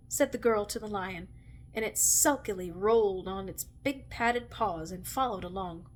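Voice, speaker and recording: A woman reading a novel aloud in a measured, expressive way. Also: mid-range voice. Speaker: reader.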